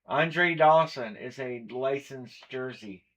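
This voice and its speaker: A man's voice: medium pitch, slow pace, fairly bright tone. A man hosting a live collectibles stream, chatting casually and running through a list of players and teams. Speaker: stream host. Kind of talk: live breaking stream chat.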